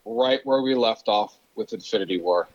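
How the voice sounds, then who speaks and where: A man's voice: lowish voice, normal speed, darkish tone. A man co-hosting a podcast, chatting casually about a film and often restarting his sentences. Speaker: podcast co-host. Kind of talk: casual chat. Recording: slightly dull lo-fi sound.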